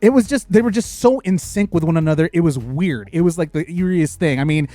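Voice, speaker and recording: A man hosting a casual news chat, rambling and excitable, with many restarts. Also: fairly high pitch, a little fast, dry recording, soft background music. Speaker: podcast host.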